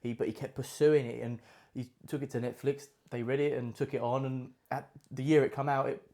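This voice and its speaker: A young man from England hosting a casual chat, talking quickly in a loose, rambling way. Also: medium pitch, little pitch movement, darkish tone. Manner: fast, chatty, rambling. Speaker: podcast host and actor.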